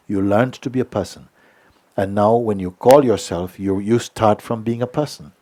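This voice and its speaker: A middle-aged man teaching as a spiritual teacher at a satsang, speaking gently and unhurriedly, often checking in with "you see?" and sometimes sinking to a soft whisper. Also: fairly low pitch, moderate pace, slightly rough. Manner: drops to a soft whisper at times. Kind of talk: satsang talk answering a letter.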